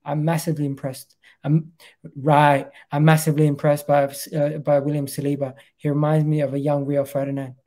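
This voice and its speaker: A man's voice: on the high side, completely flat delivery, brisk, warm tone, close to an everyday voice. A man putting on the voice of an impressed middle-aged male football pundit, quoting him earnestly.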